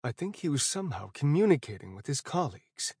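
A man narrating a first-person fantasy audiobook in a steady, even storytelling voice. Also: on the high side, fast talker, husky, no room sound, clean studio sound.

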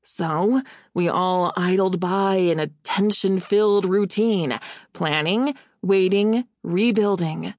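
A woman reading a novel aloud as an audiobook narrator, in a measured, expressive first-person telling on a close studio mic. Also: mid-range voice, no echo.

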